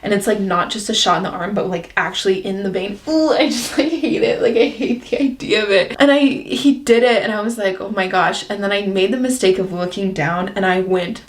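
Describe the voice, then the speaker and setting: A woman's voice: mid-range voice, steady tone, a little fast, hardly any pauses. A woman of twenty chatting as a beauty vlogger, telling a personal story full of "like" and acting out her own past reactions. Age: 20s. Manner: chatty, filler-heavy storytelling with many "like"s. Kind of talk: casual get-ready-with-me chat.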